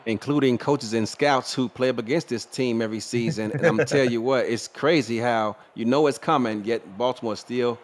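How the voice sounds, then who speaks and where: A man giving color commentary on a virtual football broadcast, breaking down plays in a relaxed, conversational way. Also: mid-range voice, moderate pace, few pauses. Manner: conversational analysis with casual asides and small laughs. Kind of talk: live sports color commentary.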